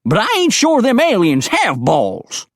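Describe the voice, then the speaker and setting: A man's voice: high-pitched, huge pitch swings, a little slow, dry recording, studio quality, pitched above the performer's own voice, exaggerated voice. A man voicing a cranky, paranoid old hillbilly who turns into a bear. The figure hollers in a folksy drawl. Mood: hollering, suspicious.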